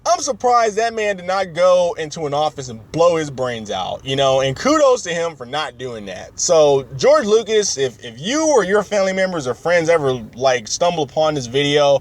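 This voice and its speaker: A male podcast host in casual, rambling chat. His voice sits a bit high, and he is opinionated and full of fillers. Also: very animated, normal speed, hardly any pauses.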